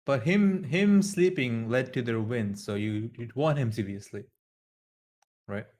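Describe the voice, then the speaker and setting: A man hosting a casual esports showcase stream, upbeat and quick to laugh. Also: mid-range voice, a little mellow. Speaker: host.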